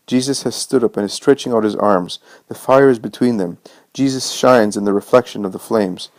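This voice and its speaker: A man narrating a religious story from a script in a measured, earnest way. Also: on the low side, a little mellow, dry recording.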